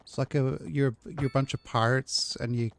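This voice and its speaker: A man's voice: medium pitch, fairly even intonation, normal speed, slight background noise. A man live-streaming a city-building game, chatting casually and rambling to his chat while he plays.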